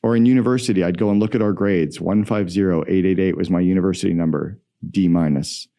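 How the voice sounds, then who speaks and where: A middle-aged man, a guest entrepreneur, telling stories in an energetic, emphatic way in a podcast interview. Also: low voice, quick pace.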